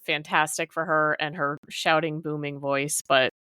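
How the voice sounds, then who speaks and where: Woman, podcast co-host, smooth dry voice, lively and chatty. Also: deep voice, moderate pace, no room sound. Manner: lively, chatty, laughs often. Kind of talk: casual chat.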